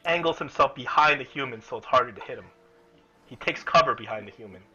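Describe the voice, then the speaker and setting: A man's voice: medium pitch, lively intonation, fast talker, lo-fi sound, crowd noise. A man narrating as game master in a casual tabletop session, often restarting his sentences.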